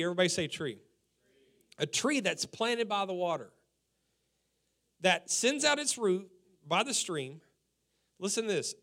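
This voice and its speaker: A male pastor preaching with a high, bright voice. His delivery is animated, and he leans on emphatic repetitions and direct questions to his listeners. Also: moderate pace, pauses often. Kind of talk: sermon.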